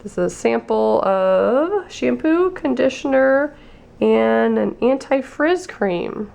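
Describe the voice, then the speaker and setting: Gravelly-voiced woman doing a casual unboxing. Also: on the high side, animated, a little mellow. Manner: chatty, reads labels aloud slowly. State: losing her voice. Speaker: beauty vlogger.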